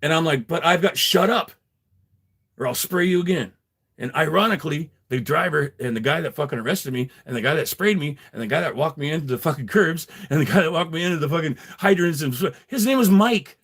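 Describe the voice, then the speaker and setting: A man's voice: on the high side, expressive, fast talker, few pauses, fairly bright tone, breathy edge. Profane, rambling middle-aged man. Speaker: livestream host. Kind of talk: casual storytelling.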